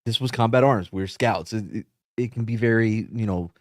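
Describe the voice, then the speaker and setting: A man's voice: fairly low pitch, brisk, no room sound, studio quality. A man in his thirties hosting a podcast, telling rambling, profane stories in casual chat. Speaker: podcast host.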